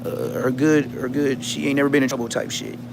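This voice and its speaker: A man ranting on a livestream in a loud, combative way, with heavy profane street slang. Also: mid-range voice, level tone, fairly quick, vocal fry, noisy background. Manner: loud, swooping, combative delivery. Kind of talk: heated livestream rant.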